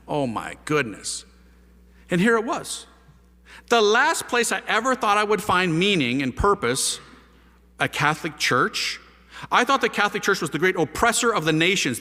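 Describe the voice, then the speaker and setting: A man telling a lively personal testimony as a priest, speaking in casual slang with big swings in his voice. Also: a little high. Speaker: priest giving a conversion testimony. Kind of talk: animated spoken testimony. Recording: echoey hall.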